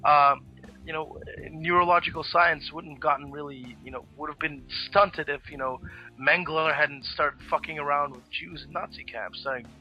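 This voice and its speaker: Man, podcast co-host, rambling casual storytelling, fillers, muffled low-fi audio. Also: normal speed. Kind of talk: casual chat. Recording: dull lo-fi podcast audio with faint music.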